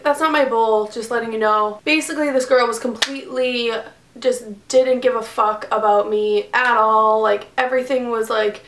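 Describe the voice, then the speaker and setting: A woman's voice: a little high, fairly bright tone, echoey room. A young woman vlogger retelling a story casually, exasperated and swearing freely. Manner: profane, exasperated retelling with acted quotes.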